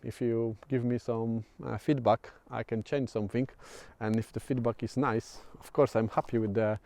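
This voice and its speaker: A man's voice: medium pitch, fairly even intonation, normal speed, mellow. A man with a Polish accent talking through a casual vlog, hesitant, with many fillers and restarts. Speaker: vlogger. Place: outdoors at sunset.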